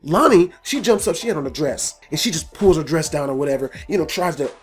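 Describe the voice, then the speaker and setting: A man with a fairly high voice and quick pace hosts a casual storytelling vlog. He tells a personal story with lots of swearing, acting out the scenes in animated fashion.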